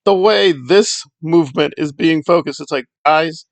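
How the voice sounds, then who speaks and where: A man's voice: a little high, animated, measured pace, hardly any pauses, no echo. A man hosting a casual solo commentary, talking in a sarcastic, dismissive way. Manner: sarcastic, dismissive, with mocking quoted voices. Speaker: commentary channel host.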